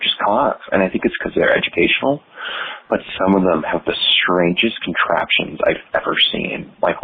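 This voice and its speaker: Deep-voiced man, husky, amused voicemail rant, tinny phone line. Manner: amused, laughing asides. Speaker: voicemail caller.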